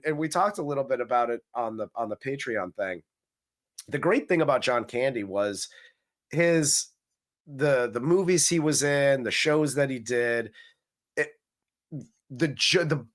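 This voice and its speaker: Profane, animated male podcast co-host. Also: medium pitch, a little slow. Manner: profane, animated retelling of scenes. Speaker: movie review podcast co-host. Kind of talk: casual chat.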